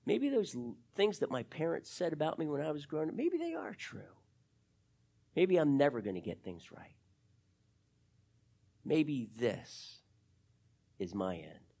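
A despairing Judas muttering his doubts, as a preacher acts him out. The voice drops low and quiet, sinking at times into a breathy whisper. The pitch still rises and falls in a lively way, as in a dramatic sermon retelling. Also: measured pace, pauses often, full character voice. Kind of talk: sermon storytelling.

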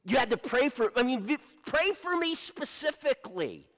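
Man voicing zealous male disciple, excited, rushed speech, lively pitch, long reverb. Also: full character voice. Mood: anxious. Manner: fast, breathless and excited. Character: eager zealous male disciple, middle-aged fisherman.

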